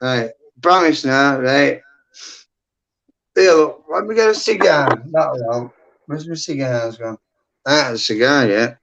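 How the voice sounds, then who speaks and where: A man's voice: medium pitch, a little slow, gravelly, a bit bright. A middle-aged man, rambling bluntly and swearing a lot as a guest in casual livestream chat. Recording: dull lo-fi stream audio.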